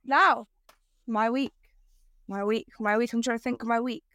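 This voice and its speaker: Teen girl podcasting, high lively voice, laughs a lot, dry close sound. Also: moderate pace, dry recording. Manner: giggly, animated storyteller. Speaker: podcast co-host. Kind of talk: casual chat, storytelling.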